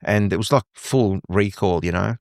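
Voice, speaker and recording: Middle-aged male guest from Lebanon, lowish pitch, dry close mic, lively storyteller. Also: normal speed, vocal fry, no room sound. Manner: animated storytelling, acting out quoted dialogue. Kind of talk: conversational interview.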